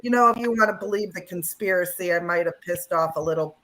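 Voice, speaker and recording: A woman's voice: fairly low pitch, fast, sharp tone, low-quality recording. A woman guest in a casual interview, talking in a rambling way with many fillers.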